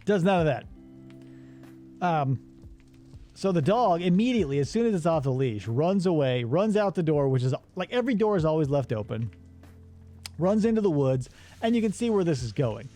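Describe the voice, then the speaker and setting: A man hosting a casual movie-review show, retelling a plot in an animated, sarcastic way. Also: a little high, moderate pace, long pauses, faint music behind. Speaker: radio show host.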